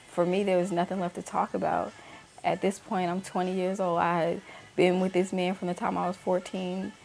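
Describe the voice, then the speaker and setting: Gravelly low-voiced woman telling her story. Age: 30s. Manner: candid, acts out quoted voices. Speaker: host. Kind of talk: personal storytelling chat.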